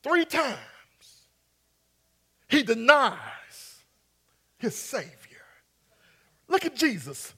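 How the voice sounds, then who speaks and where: A man's voice: very high-pitched, wildly swooping pitch, drawn-out words, long pauses, bright, forceful tone, breathy edge. A man preaching a sermon, acting out scripture scenes and coaxing his congregation to respond. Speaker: pastor.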